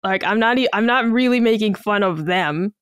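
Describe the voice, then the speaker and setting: A woman's voice: mid-range voice, moderate pace, smooth, dry recording, studio quality. Chatty joking woman. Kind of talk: casual chat.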